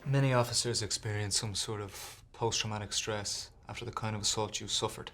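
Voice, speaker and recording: Irish police chief played by a man, calm, careful, low-pitched voice. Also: brisk, slight background noise, natural voice. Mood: concerned. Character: measured, concerned male police superintendent. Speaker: police superintendent. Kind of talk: TV crime drama acting.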